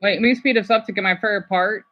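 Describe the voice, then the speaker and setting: A woman chatting casually to her viewers in an excitable way, often stumbling over words as she goes. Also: medium pitch, rapid-fire, lo-fi sound. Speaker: vlogger.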